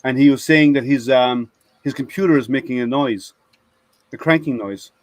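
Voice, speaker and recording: A man's voice: mid-range voice, moderate pace, no room sound. A man in casual group conversation, telling rambling workplace stories with many restarts. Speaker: IT product manager at a software company. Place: online video hangout.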